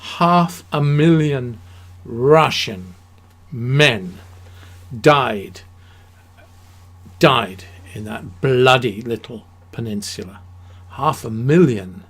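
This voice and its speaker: Male history talker, gravelly and slow-paced, loose and emphatic, restarts a lot. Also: medium pitch, lively intonation, a bit bright. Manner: rambling, emphatic, with many fillers and restarts. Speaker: history lecturer. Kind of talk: unscripted history talk.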